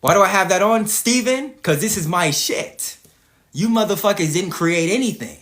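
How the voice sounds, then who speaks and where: A man's voice: high-pitched, expressive, normal speed, a bit bright, roomy sound. A man from Atlanta, hosting a livestreamed rant in a profane, combative way and repeating himself. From Atlanta, Georgia, US. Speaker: livestream host.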